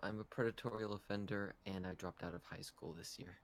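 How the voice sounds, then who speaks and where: A man's voice: on the low side, steady tone, fairly quick, lightly acted. A man voicing a shameless young male grey wolf who dropped out of school, speaking in a dry, matter-of-fact way. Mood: deadpan.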